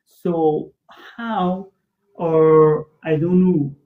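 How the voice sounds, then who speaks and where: A man's voice: a little high, steady tone, drawn-out words. Hesitant man on a tinny line. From Afghanistan. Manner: hesitant, many fillers. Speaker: interview host. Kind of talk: interview questions.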